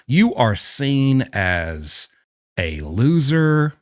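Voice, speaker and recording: A man in the middle of a pitch range swings his voice up and down as he rants bluntly, mocking what he reacts to. The sound is dry and close, with no room around it. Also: sing-song, slow pace, no echo. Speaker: commentator who says he knows prison. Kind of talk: opinionated reaction commentary.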